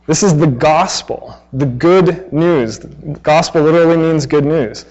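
A man's voice: fairly high pitch, measured pace, darkish tone, dull audio. A man in his thirties preaching a sermon in a conversational way, acting out exasperated asides. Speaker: pastor.

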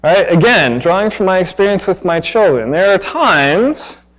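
Pastor guy, highish voice, talks to the room like a chat, kinda dull lo-fi recording. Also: sing-song, moderate pace, fairly bright tone. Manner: conversational preaching with acted-out exasperated asides. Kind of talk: sermon.

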